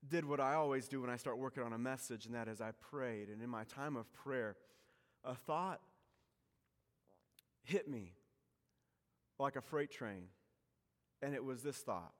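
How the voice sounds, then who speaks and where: A man's voice: mid-range voice, a little slow, long pauses. Man preaching with big hall echo. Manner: storytelling, self-mocking, swings from loud to hushed. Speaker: pastor. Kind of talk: sermon. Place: church sanctuary.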